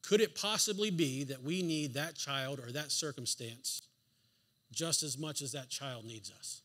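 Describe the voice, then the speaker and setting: A man's voice: mid-range voice, a little slow, pushed and bright. A man preaching a sermon in a church, driving home his points with emphatic rhetorical questions and the odd dry sarcastic aside. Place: church sanctuary.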